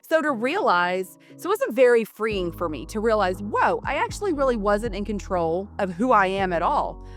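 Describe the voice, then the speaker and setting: Earnest, reflective woman guest. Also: medium pitch. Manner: earnest and reflective, circling back to her points. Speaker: guest, a parent. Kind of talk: casual conversational interview.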